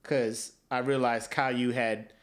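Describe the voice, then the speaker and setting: A man's voice: medium pitch, takes it slowly. A man co-hosting a comedy podcast who teases, laughs often and fires questions in casual chat. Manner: laughing, teasing, lively questioning. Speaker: podcast co-host.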